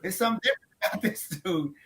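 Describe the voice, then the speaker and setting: A man with a fairly high voice and a bright, forceful edge. He talks about faith after a sermon, emphatic and preacherly, and he often repeats his key lines for weight. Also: expressive, fast. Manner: trains others in tone and inflection. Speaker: church leader on a post-sermon talk show. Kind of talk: casual faith discussion.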